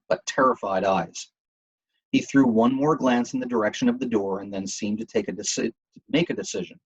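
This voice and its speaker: Husky male storyteller. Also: lowish voice, highs cut off. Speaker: reader. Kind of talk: audiobook reading.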